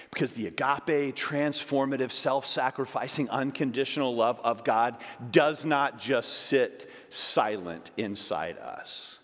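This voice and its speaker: Male pastor, sermon delivery, big emotional swings from loud to hushed, mid-pitched, long hall reverb. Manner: emphatic preaching, swinging from loud pleas to hushed asides. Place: church sanctuary.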